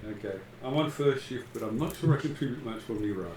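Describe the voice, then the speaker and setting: A man's voice: mid-range voice, animated, quick pace, a crowd in the background. A man playing in a tabletop game, mostly answering with short, agreeable replies. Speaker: player. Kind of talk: casual tabletop play chat.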